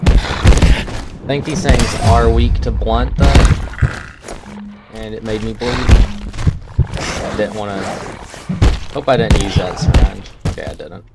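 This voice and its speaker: A man's voice: lowish voice, slow pace, long pauses. A man casually thinking aloud as he plays a survival game. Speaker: gameplay streamer. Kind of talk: let's-play commentary. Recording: game music underneath.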